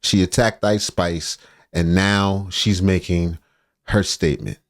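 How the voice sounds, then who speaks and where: A man's voice: low voice, steady tone, slow pace. A man hosting casual commentary, reacting to a clip in a mocking, joking way. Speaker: commentary host.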